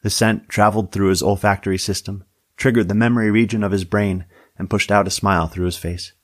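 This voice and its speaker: A man's voice: fairly low pitch, fairly even intonation, fairly quick, no room sound. A man narrating a story in a dry, wry storytelling manner.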